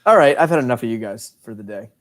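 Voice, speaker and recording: A man's voice: mid-range voice, lively intonation, quick pace, a crowd in the background. A man co-hosting a sports podcast in casual, self-mocking banter. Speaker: podcast co-host.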